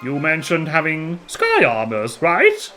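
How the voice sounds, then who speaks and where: A man's voice: fairly high pitch, wildly swooping pitch, takes it slowly, bright, forceful tone, soft background music, voice pushed up, exaggerated voice. A man voicing a timid young male bird villager who is easily scared, rambling and out of breath. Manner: nervous, rambling, forgetful.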